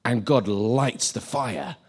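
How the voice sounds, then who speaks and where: A man's voice: mid-range voice, slow, a little mellow, slightly rough. A man giving an informal sermon, chatty and self-deprecating, acting out the scenes he retells.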